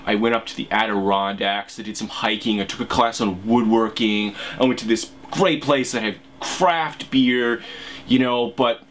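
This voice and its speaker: A man voicing a self-absorbed young male urban hipster who talks haltingly with lots of fillers. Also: lowish voice, fairly bright tone, slight background noise, natural voice. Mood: defensive, preening. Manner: halting, filler-heavy, defensive.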